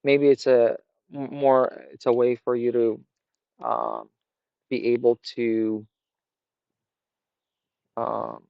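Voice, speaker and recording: A man's voice: mid-range voice, lively intonation, takes it slowly, creaky, long pauses, smooth, dry recording. Hesitant rambling man, dry dull sound. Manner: rambling, hesitant, many fillers and restarts. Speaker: vlogger. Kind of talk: casual reflective monologue. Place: outdoors by a fire.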